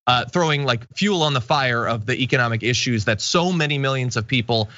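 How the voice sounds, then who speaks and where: A man hosts a casual news talk show with a bright, forceful voice. He reads viewer comments in a relaxed way and laughs easily. The sound is dry and a little dull. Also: mid-range voice, fairly quick, no echo. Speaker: host.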